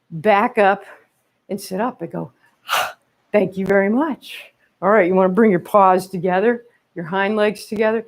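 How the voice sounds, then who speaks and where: A woman guiding a children's yoga class in a library, chatty and encouraging, often checking in with the kids and laughing along. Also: mid-range voice. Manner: cheerful, chatty, encouraging with frequent okays and laughs. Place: library, indoors. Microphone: wearing a microphone.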